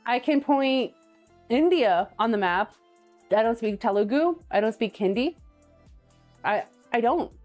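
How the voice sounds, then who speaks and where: A woman's voice: fairly high pitch, animated, unhurried, pauses often, a little mellow, faint music behind. Chatty woman cooking on a livestream. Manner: chatty storyteller, reads viewer comments aloud. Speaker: cooking streamer. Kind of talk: casual chat while cooking live.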